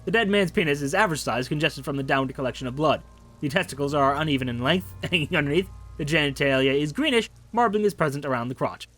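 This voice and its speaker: A man's voice: on the high side, expressive, fast, a bit bright. Man reading game text aloud. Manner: casual, wry asides while reading. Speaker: game streamer.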